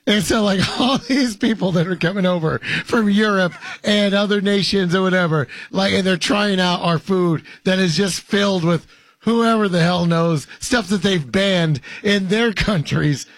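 Guy hosting sports talk, kinda high voice, dry sound, rambles and laughs a lot. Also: moderate pace, no room sound. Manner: rambling, laughing, filler-heavy. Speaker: host. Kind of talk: casual sports radio talk.

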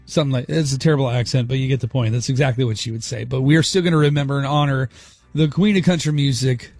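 A male radio host speaking in a heartfelt, halting way with some fillers. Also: medium pitch, darkish tone, no echo, faint music behind. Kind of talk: casual radio talk.

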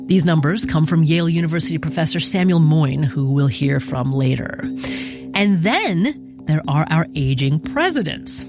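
A woman hosting a radio program, narrating a scripted news segment in a measured, deliberate way. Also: low voice, animated. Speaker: radio host. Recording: music bed behind voice.

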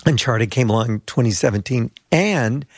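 Older american man, pastor as interview guest, animated storyteller, dry close sound, medium pitch. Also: moderate pace, husky, no echo. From United States. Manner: animated storyteller acting out quoted voices. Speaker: pastor and mission leader, guest.

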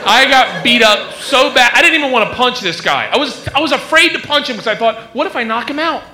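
Animated stand-up comedian, high voice. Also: male voice, fairly quick. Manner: animated, acts out sounds.

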